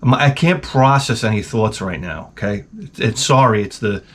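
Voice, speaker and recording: A man's voice: fairly low pitch, normal speed. Hungover man ranting profanely. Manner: profane, animated storytelling with sound effects. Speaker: video host. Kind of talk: rambling comic rant.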